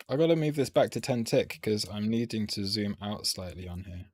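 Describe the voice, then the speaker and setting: A man's voice: lowish voice, expressive, fairly quick, darkish tone, dry recording, clean studio sound. A man hosting a live trading stream, chatting casually with frequent fillers and self-mocking asides.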